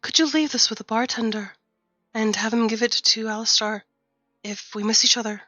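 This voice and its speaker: A woman's voice: fairly high pitch, steady tone, brisk, sharp tone, no echo, dull audio, soft background music. A woman player speaking for her character in a tabletop role-playing game, in a courteous, in-character way.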